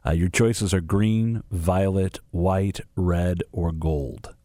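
A man's voice: low voice, fairly even intonation, takes it slowly, dark tone, no room sound. A man hosting a radio show from a studio, friendly and sincere. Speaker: radio host.

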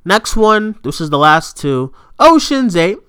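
With a high, clear, resonant voice and a slightly slow pace, this man co-hosts a movie news podcast from a remote setup. He's animated in casual chat, ranting, swearing, and laughing frequently.

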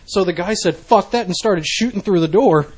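A man's voice: sits high, moderate pace, a little hiss or hum. A man co-hosting a casual chat, telling stories in a blunt, profane way. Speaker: podcast co-host.

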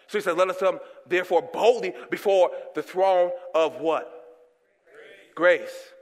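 A young man delivers a fervent call-and-response sermon, tossing questions for the congregation to answer. His voice sits high for a man. It rings out with a long reverb, as in a large church sanctuary. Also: a little slow. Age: young adult. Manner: swings from loud outbursts to hushed tones. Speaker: guest preacher.

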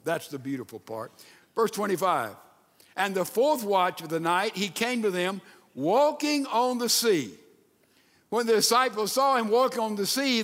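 A man preaching a sermon with emphatic delivery and dramatic pauses. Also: sits high, a bit bright, long reverb tail. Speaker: pastor.

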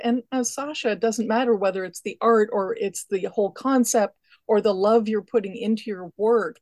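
Measured, thoughtful woman guest. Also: mid-range voice, steady tone, a little mellow, no echo. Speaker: deck creator, guest. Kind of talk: casual chat.

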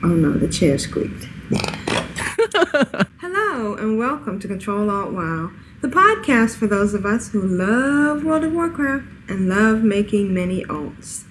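A woman's voice: mid-range voice, big pitch swings, slow pace, a little hiss or hum, poor audio. A woman hosting a casual podcast chat, giggling often between her lines. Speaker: podcast host.

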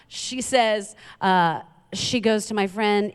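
Her voice is on the high side, slow, clear and resonant, with lively intonation. She's a guest speaker from Queens, New York, giving a humorous, chatty sermon laced with self-deprecating stories in a church sanctuary, where long hall reverb fills the sound.

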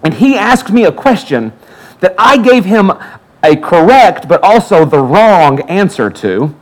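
A male preacher tells a personal story from the pulpit. His voice sits a bit high for a man, and he acts out the people in the story with lively shifts. He keeps an easygoing, conversational sermon style. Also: unhurried, rough recording. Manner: animated storyteller acting out quotes. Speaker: pastor.

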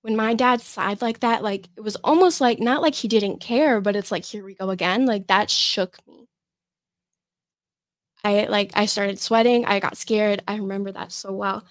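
A young woman from Michigan, a podcast guest telling a personal story in a halting way, with many fillers and restarts. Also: medium pitch, no room sound. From Michigan, USA.

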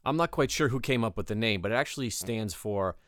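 A man's voice: on the low side, lively intonation, quick pace, a bit bright, no room sound, studio quality. A man co-hosting a podcast, chatting casually and joking, with many fillers. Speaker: podcast co-host. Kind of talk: casual chat.

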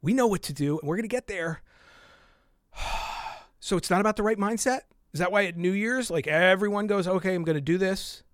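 A man with a high, bright-pitched voice rants on his podcast, worked up and exasperated, dropping into sighs and muttered asides between outbursts. The sound is close and dry. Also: a little fast, pauses often, no echo. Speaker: podcast host. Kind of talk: heated solo podcast rant.

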